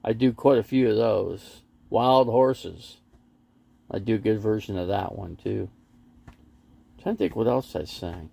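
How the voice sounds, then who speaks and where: This livestream host talks from his RV in a parking lot, drifting between stories and reading out comments from viewers. He speaks a little slowly in a lowish, dark voice that's creaky and slightly rough.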